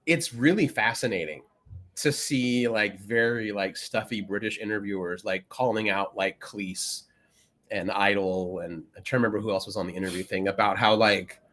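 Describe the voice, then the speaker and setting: A man co-hosting a podcast in casual chat, rambling with many fillers and often trailing off quietly. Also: on the low side, steady tone, normal speed. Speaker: podcast co-host.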